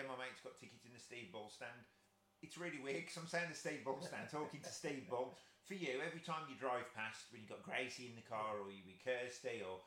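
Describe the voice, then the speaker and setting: A man hosts a casual interview, full of eager fan enthusiasm. His mid-pitched voice bounces around an echoey room. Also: sharp tone. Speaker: podcast host and fan.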